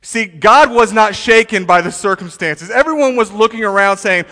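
A man preaching a sermon to a youth congregation, emphatic and animated, with frequent repetitions and restarts. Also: high-pitched, normal speed, few pauses. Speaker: pastor. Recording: reverberant hall.

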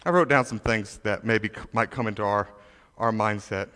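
A man preaching a sermon to a youth congregation, emphatic and animated, with frequent repetitions and restarts. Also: fairly low pitch, normal speed. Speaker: pastor. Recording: reverberant hall.

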